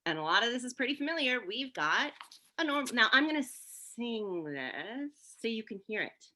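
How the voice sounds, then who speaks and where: A woman's voice: on the high side, big pitch swings, normal speed, sharp tone. A woman leading songs and blessings for a congregation, chatty and encouraging between verses, playing guitar. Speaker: song leader at a synagogue celebration. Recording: faint guitar music behind.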